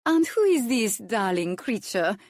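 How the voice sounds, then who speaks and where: A woman's voice: medium pitch, very animated, measured pace, darkish tone, no echo, studio quality, voice pushed up. A woman voicing a vain, catty French vicomtesse with a precious French accent and a purring, falsely sweet manner.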